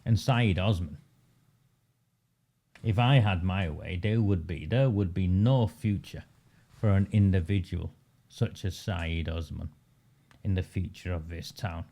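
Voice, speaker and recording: Guy with a lowish voice doing a sarcastic combative political rant, lots of rhetorical questions. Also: darkish tone. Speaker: local political campaigner. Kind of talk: political commentary monologue.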